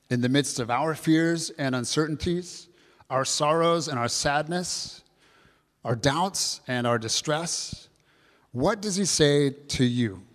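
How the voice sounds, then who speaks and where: A man's voice: mid-range voice, in a large hall. Man preaching an Easter sermon. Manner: earnest, repetitive preaching, addresses kids and congregation. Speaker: pastor.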